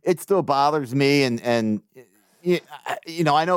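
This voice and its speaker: A man hosting a casual podcast chat, animated and self-mocking, laughing and swearing as he tells stories. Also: fairly high pitch, normal speed, clean tone, no room sound. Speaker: podcast host.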